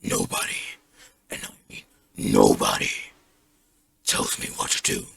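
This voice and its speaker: A man voicing a hulking, menacing male villain fused with a symbiote, in a deep, breathy, threatening growl. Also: little pitch movement, measured pace, a bit bright, exaggerated voice. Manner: threatening, intimidating.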